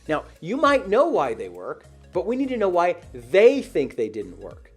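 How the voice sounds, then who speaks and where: Animated husky-voiced male sales coach. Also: sits high, normal speed, few pauses, faint music behind. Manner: animated, acts out short example dialogues. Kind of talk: direct-to-camera sales training.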